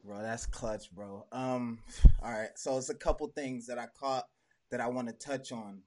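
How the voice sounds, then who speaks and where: A man's voice: medium pitch, steady tone, normal speed. A man hosting a podcast in casual chat, laid-back and slangy, with many fillers. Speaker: podcast host.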